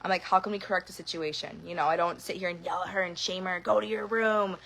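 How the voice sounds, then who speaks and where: A woman's voice: on the low side, steady tone, fast, fairly bright tone, low-quality recording. A young woman and mother in a casual personal monologue, frank and conversational, swearing now and then and leaning on fillers. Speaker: mother talking to camera.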